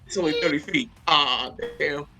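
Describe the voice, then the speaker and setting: A man playing a tabletop game, hesitant with many fillers and quick to laugh. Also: fairly high pitch, pushed and bright, soft background music. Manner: hesitant, many ums, giggly. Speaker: player. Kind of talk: casual tabletop play.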